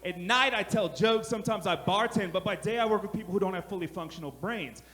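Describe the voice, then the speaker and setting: High-voiced man doing brash stand-up. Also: quick pace. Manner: brash, animated storytelling with shouted punchlines. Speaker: stand-up comedian. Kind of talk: stand-up comedy set. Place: comedy club stage. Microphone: handheld stage mic. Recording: live club recording with crowd noise. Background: audience laughter.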